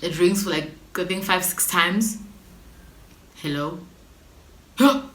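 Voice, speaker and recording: A young South African woman with a South African accent, telling a dramatic storytime vlog in slangy, animated bursts. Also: on the low side, takes it slowly. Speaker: YouTuber. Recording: echoey room with faint noise.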